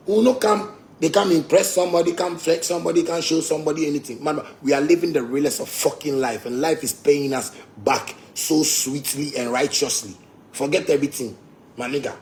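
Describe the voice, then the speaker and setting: Ghanaian man, gravelly, a bit high, cocky profane rant. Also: darkish tone. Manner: boastful, profane, mixes Pidgin. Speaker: musician. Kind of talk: heated rant.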